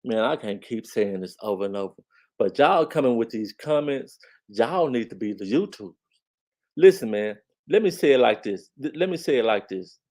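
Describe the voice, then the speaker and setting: Middle-aged man, casual commentary host, emphatic and repetitive, average pitch. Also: moderate pace. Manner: emphatic, repeats phrases, addresses viewers directly; lively swings in pitch and loudness when stressing a point. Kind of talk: casual commentary on online drama.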